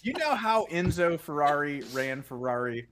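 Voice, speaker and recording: A man's voice: on the high side, lively intonation, normal speed, background noise. A man co-hosting a casual motorsport podcast, explaining with exasperation. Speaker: podcast co-host. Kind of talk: casual chat.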